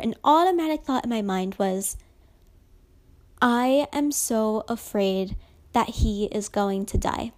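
A young woman in her twenties speaking softly and emotionally in a personal reflective vlog, at times dropping to a whisper. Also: a little high. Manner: slow, soft-spoken and emotional, drops to whispers at times.

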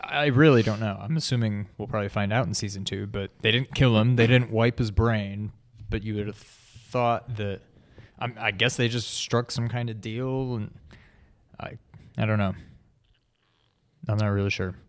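A man's voice: lowish voice, steady tone, normal speed. A man in casual chat who mostly gives short agreeing replies and hesitates when he gives his own view. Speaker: co-host.

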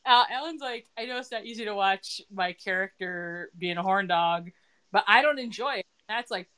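A woman's voice: medium pitch, expressive, moderate pace, sharp tone, clean tone. A middle-aged woman hosting a podcast, chatting casually as she retells TV scenes and quotes characters' lines. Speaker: podcast host recapping a TV episode. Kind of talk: casual chat.

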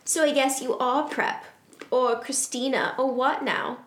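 A woman's voice: high-pitched, steady tone, measured pace. A woman reading aloud the lines of a brash, swearing goth teen girl from a fan fiction. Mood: indignant. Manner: loud, swearing, indignant. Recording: roomy echo.

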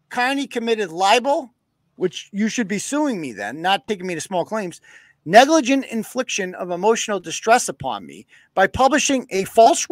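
Profane high-pitched man ranting. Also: no room sound. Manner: profane, blunt, acts out quoted exchanges. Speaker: podcast host. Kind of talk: casual live-show rant.

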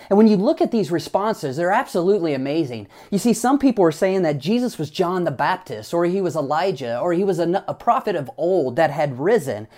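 A man's voice: fairly high pitch, expressive, fairly quick, darkish tone. A male pastor preaching a sermon in a conversational, emphatic way, with casual asides.

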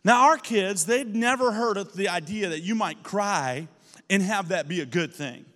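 A man preaching a sermon as pastor, telling stories with animated energy that builds to shouting. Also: sits high, normal speed, in a large hall. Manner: animated storytelling, rising to shouts.

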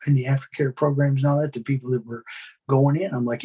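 A husky-voiced man talks through his recovery story as a podcast guest. He comes across as earnest and openly emotional. He speaks bluntly, with some swearing, in casual conversation. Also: medium pitch, fairly even intonation, fast, warm tone.

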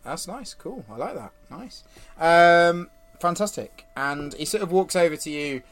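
A man narrating as game master, telling the scene in a relaxed, chuckling way with many fillers. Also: on the high side, measured pace, soft background music.

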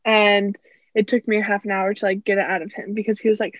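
A young woman co-hosts a podcast, chatting casually and telling animated stories packed with fillers. Her medium-pitched voice moves at a quick pace, and the audio sounds dull, lo-fi and dry with no echo.

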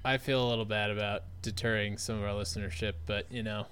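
A young man co-hosting a podcast, chatting casually, jokey, animated and full of swearing. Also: lowish voice, quick pace, slight background noise. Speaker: podcast co-host. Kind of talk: casual chat.

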